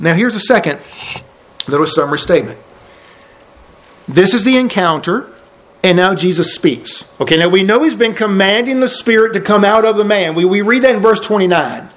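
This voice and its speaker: A man's voice: sits high, fairly bright tone. A man preaching an expository sermon, emphatic and repeating key phrases for effect.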